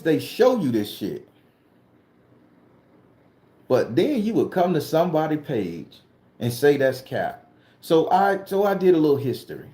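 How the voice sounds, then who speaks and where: A man's voice: medium pitch, dark tone, reverberant. A man from southern Florida, a spooky-story vlogger and tarot reader, ranting bluntly and profanely to camera. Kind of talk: casual ranting monologue to camera.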